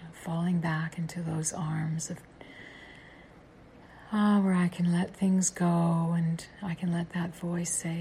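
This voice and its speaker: A woman of about sixty guides a meditation in a hushed, half-whispered voice. She speaks very slowly and gently, with long pauses. Her low voice carries a gravelly, creaky edge under the breath. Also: level tone, slight background noise. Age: around 60. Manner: gentle and unhurried, with drawn-out pauses. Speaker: meditation podcast host. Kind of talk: soft-spoken guided meditation talk.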